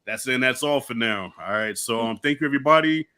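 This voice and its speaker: A laid-back man hosts a casual group chat. He talks quickly, in a bright, forward tone. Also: medium pitch. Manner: laid-back, wraps up the show. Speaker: host.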